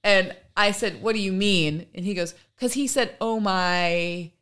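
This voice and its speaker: Animated woman telling a story. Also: medium pitch, moderate pace. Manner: animated, acts out quoted voices. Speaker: podcast co-host. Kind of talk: casual storytelling chat.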